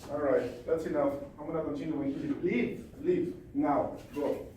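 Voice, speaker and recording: A man leading a live training seminar, forceful and commanding, repeating his points as he tells a story. His voice echoes heavily around a large hall, caught from far away, with faint room noise behind. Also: a little high, moderate pace.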